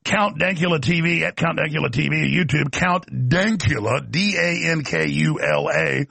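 Gravelly, ranting male talk host. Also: a little high, lively intonation, normal speed, pushed and bright, no echo. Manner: ranting, sarcastic. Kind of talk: opinionated monologue.

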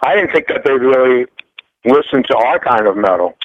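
A man's voice: medium pitch, animated, moderate pace, no room sound, highs cut off. A man from France, a guest musician chatting in a casual radio interview, rambling and repeating words as he tells stories.

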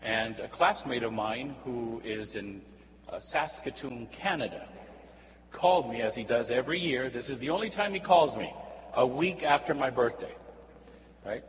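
A man's voice: medium pitch, lively intonation, moderate pace. Man preaching a chatty sermon. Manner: conversational, asks "right?" often, acts out dialogue. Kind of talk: sermon with storytelling. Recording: dull, reverberant recording with faint hum.

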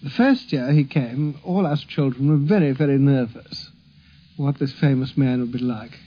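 Husky man in old archive interview. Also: mid-range voice, normal speed. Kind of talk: reminiscing interview. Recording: dull lo-fi archive recording.

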